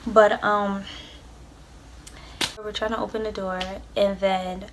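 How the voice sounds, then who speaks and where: A woman's voice: mid-range voice, level tone, slow, heavy background noise. A young adult woman vlogger telling a storytime tale, rambling and swearing, with lots of "like". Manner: rambling, profane, filled with "like". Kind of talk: storytime vlog.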